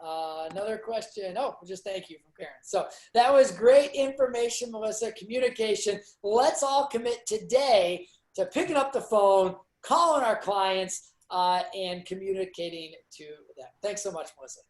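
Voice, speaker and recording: A man's voice: high-pitched, moderate pace, hardly any pauses, echoey room. A man hosting a sales training session, talking in a chatty, upbeat, rambling way with lots of fillers. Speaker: sales manager and training host. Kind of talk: casual motivational talk on a video call.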